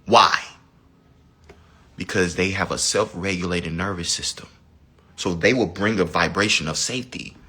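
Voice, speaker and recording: A man giving a casual spiritual talk, dramatic and animated, sometimes dropping to a low hush. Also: normal speed, long pauses, slightly rough. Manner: animated, dramatic swings from loud high to low hushed. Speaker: spiritual teacher.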